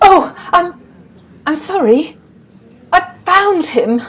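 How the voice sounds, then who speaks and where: A woman's voice: fairly high pitch, big pitch swings, measured pace, darkish tone, slightly rough, heavily acted, low-quality recording. An amateur actress playing a timid young female assistant stage manager, hesitant and apologetic. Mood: anxious.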